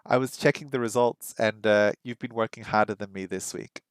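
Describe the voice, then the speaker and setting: A man chatting casually on a stream while he practises a language, thinking aloud and sounding out words slowly. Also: fairly low pitch, clean tone, no echo. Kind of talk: casual livestream chat.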